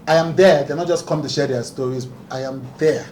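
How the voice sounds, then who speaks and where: A man's voice: fairly high pitch, steady tone, fairly quick, darkish tone. A man, a talk show host speaking earnestly and emphatically at a press conference, often breaking into laughter. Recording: echoey room, distant mic, background noise.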